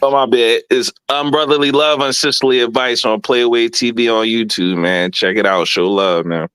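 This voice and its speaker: A man's voice: medium pitch, fairly even intonation, normal speed, a bit bright, clear, resonant tone, dry recording. A man calling in as a podcast guest, laid-back and slangy in casual chat.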